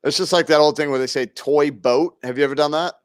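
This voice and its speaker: A man's voice: a little high, fast. A man co-hosting a podcast in casual, enthusiastic chat. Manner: enthusiastic, animated. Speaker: podcast co-host.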